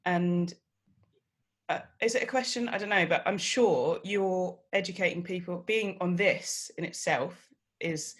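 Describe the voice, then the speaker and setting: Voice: mid-range voice, unhurried. A person speaking thoughtfully and reflectively in a casual podcast panel discussion.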